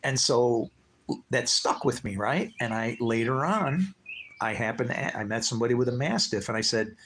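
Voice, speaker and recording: A man's voice: mid-range voice, animated, moderate pace, fairly bright tone, slight background noise. A man hosting his own live stream, rambling loosely between thoughts, swearing freely and laughing to himself. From United States. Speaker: livestream host.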